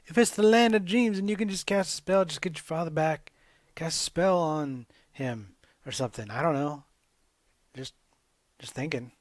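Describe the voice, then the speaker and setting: A man's voice: fairly high pitch, moderate pace, no echo, studio quality, voice pushed up, lightly acted. A man voicing a naive, whiny seven-year-old boy hero who sounds exasperated.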